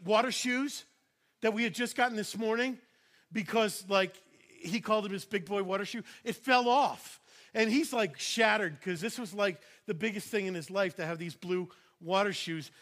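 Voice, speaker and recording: A man's voice: sits high, sharp tone. A middle-aged man, a pastor, telling a personal story in a sermon and acting out other people's voices.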